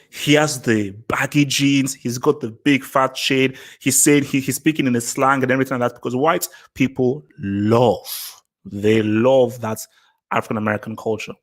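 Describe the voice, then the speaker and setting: A man's voice: mid-range voice, steady tone, normal speed. A man hosting his own vlog, giving casual opinion commentary in an emphatic way, repeating phrases and restarting sentences. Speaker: vlog host.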